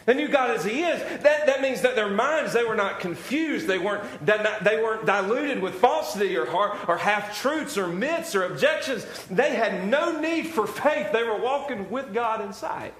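Male preacher, high voice, earnest and repetitive sermon style, echoey room. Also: animated, moderate pace, hardly any pauses, a bit bright.

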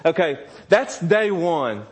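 A man's voice: fairly high pitch, sing-song, slow. Candid, laughing preacher man. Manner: candid, self-deprecating, laughs often, acts out his kids' voices. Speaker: pastor. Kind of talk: sermon with personal stories.

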